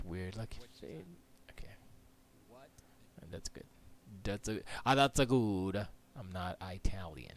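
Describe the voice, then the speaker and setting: Chatting casually on a live stream from his music studio, a man with a lowish voice speaks slowly and pauses often. He rambles, slipping into mumbled near-whispers and nonsense rhymes.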